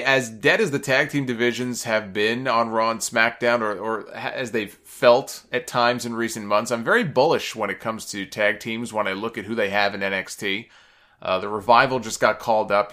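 Bright-voiced man chatting casually. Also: on the low side. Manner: chatty and opinionated, frequent "uh" fillers. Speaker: wrestling recap podcast host. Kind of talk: casual spoken recap.

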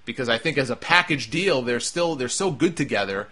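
Male solo show host, bright tone, casual and opinionated, rambling delivery. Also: medium pitch, animated, fairly quick, husky. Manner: opinionated, emphatic, rambling with restarts. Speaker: wrestling commentator.

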